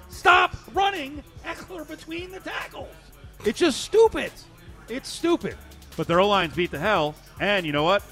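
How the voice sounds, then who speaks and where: A man hosting a casual sports talk show, brisk and opinionated as he leads the segments. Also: fairly high pitch, fairly bright tone. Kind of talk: casual sports radio chat.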